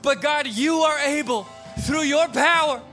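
A man preaching a sermon, telling jokey family stories and building to loud, fervent preaching from a church stage. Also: very high-pitched, measured pace, faint music behind. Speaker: pastor. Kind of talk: sermon with storytelling.

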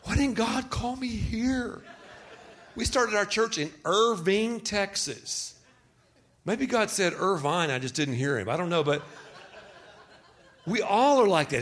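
A middle-aged male pastor preaching a joking sermon. His fairly high voice swings widely in pitch as he banters with the congregation and leads them in call-and-response. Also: normal speed. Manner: animated, joking, addresses the congregation directly.

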